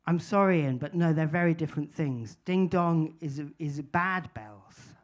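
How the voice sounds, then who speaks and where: A man's voice: on the high side, a little slow, natural voice. A man doing an intense, solemn German musician. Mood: insistent.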